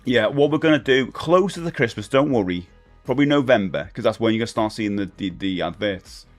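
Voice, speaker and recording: A man's voice: medium pitch, animated, brisk, faint music behind. A middle-aged man hosting a live stream, rambling casually and answering chat comments. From United Kingdom.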